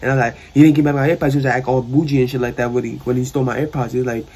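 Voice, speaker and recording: A man's voice: mid-range voice, very fast, breathy edge. A young man with a New York accent, telling a rambling, slangy storytime in a bedroom. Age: young adult. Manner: rambling, slangy, animated retelling. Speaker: storyteller vlogger. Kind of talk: casual storytime. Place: sister's room.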